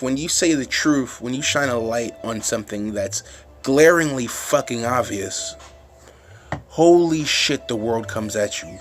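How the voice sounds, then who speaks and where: A vlogger with a medium-pitched voice rants casually into his phone camera. He rambles, restarts often, swears, and gets fired up at times.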